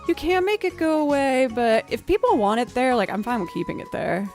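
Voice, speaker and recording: A woman musician chatting casually with her stream viewers, self-deprecating and laughing often, her pitch jumping up when she is surprised. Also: very animated, brisk, darkish tone. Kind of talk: casual live-stream chat. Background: faint music.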